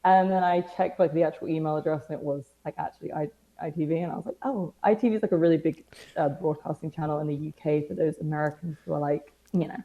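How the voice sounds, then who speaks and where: A woman's voice: deep voice, level tone, fast talker, phone-quality sound. A young British woman chatting as a podcast guest, telling stories with dry, self-mocking humor and acted-out quotes. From Britain. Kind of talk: casual interview chat.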